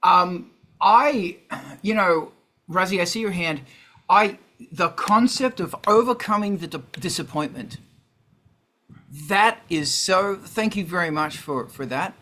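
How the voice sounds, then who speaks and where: Bright, animated man hosting a chat. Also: high-pitched, a little slow. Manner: animated, swearing, jokey asides. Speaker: host. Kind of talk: casual chat on a video call.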